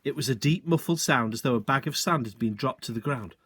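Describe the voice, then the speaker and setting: A male teacher reading a children's book aloud, expressive, with short asides to the listeners. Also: mid-range voice, fairly quick, breathy edge.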